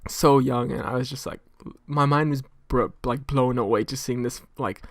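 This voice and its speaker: A man's voice: mid-range voice, steady tone, moderate pace, gravelly, no room sound, clean studio sound. A young man co-hosting a podcast, telling stories in a rambling, casual way with lots of fillers. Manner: rambling storyteller, full of fillers, laughs while telling. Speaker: podcast co-host.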